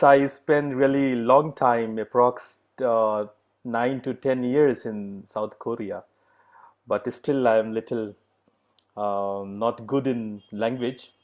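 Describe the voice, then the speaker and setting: A middle-aged man leading an online yoga class, speaking slow, halting English with many pauses and fillers. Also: medium pitch. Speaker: yoga teacher.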